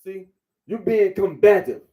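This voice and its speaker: Speaking at a measured pace, a commentator with a high voice and dark tone gives a casual monologue. He is blunt and repetitive, lecturing the listener directly.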